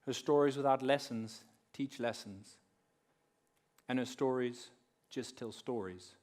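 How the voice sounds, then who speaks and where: A man at a conference lectern, pitched mid-range, in a steady storytelling manner. He slows down and sinks his voice low and soft to let a point land. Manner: measured storyteller who drops quiet and slows for effect. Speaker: conference speaker. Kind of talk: talk on faith woven with storytelling.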